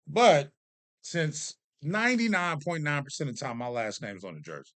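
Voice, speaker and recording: A man hosting a casual vlog, talking straight to the camera. He tells stories in an animated, joking, self-deprecating way, his voice sitting a bit high for a man. The sound is dry and close, with no room echo. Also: normal speed. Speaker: vlogger host.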